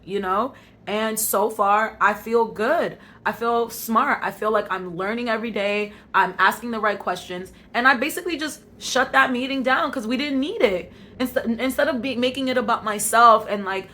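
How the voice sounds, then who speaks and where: A woman's voice: mid-range voice, moderate pace, bright, forceful tone. A young woman with an African American Vernacular English accent, talking candidly to her camera in a casual vlog, reflecting on herself and talking herself into confidence. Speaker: vlogger.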